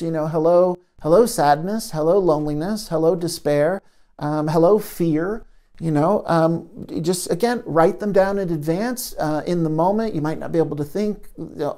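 A man, a trauma therapist, gently giving a self-help talk to camera into a microphone, soft-spoken with many pauses. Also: sits high. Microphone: studio microphone.

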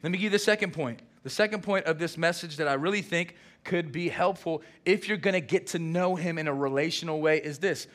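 High-voiced animated preacher man. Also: a little fast, hardly any pauses. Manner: animated preaching with acted-out dialogue. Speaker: senior pastor. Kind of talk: sermon.

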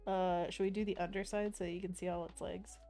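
A woman's voice: lowish voice, level tone, a little fast, mellow, soft background music. A woman streaming her drawing, chatting playfully and reading viewer messages aloud. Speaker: art streamer. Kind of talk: casual chat while drawing on stream.

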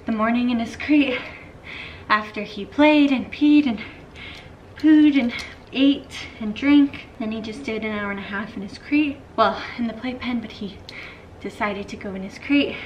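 A woman's voice: fairly high pitch, normal speed, lo-fi sound, a little hiss or hum. A woman vlogger chatting casually at home, often using "like" as a filler. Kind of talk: casual vlog chat. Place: home kitchen.

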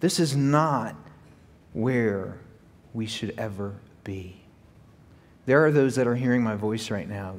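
Husky-voiced male pastor preaching. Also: on the low side, expressive, slow pace, long pauses. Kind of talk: sermon. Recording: echoey hall reverb.

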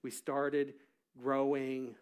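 A middle-aged man preaching a sermon in church, acting out quotes and swinging from loud to hushed. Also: mid-range voice, little pitch movement, drawn-out words, smooth. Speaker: pastor. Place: church stage.

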